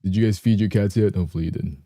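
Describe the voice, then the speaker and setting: A young man chatting casually with viewers on a live stream, clearing a morning voice from his throat. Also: lowish voice, racing, mellow, no room sound, clean studio sound. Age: young adult.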